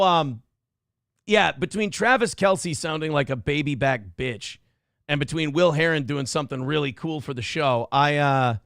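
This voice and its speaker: A man's voice: on the high side, fairly bright tone, dry recording, studio quality. A man hosting a talk show, talking casually with crude, sarcastic, mocking jabs. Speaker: show host. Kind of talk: casual profane commentary.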